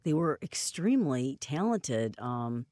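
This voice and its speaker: A woman hosting a public radio talk show, talking in a measured, conversational way with her guests. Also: extremely low pitch, very animated, warm tone, dry recording, studio quality.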